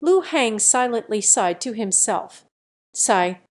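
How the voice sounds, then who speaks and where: A woman's voice: medium pitch, lively intonation, unhurried. A woman narrating a romance story in a scripted audiobook reading.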